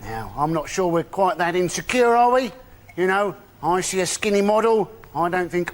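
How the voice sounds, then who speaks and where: A man's voice: high-pitched, lively intonation, normal speed. A man delivering a dry, conversational stand-up routine with rhetorical questions on a comedy panel show.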